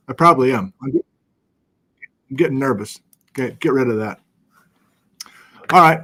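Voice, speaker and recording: Chatty man hosting a livestream. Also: a little high. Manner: chatty, self-deprecating, reads viewer locations aloud. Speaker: livestream host. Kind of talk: casual livestream chat. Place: home studio with document camera.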